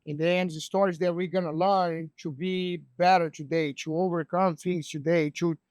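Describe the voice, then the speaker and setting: Male podcast host; hesitant, thinking aloud; slightly high pitch, dry mic. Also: fairly even intonation, moderate pace, darkish tone, smooth, dry recording. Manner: hesitant, thinking aloud, many "you know"s. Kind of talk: casual chat.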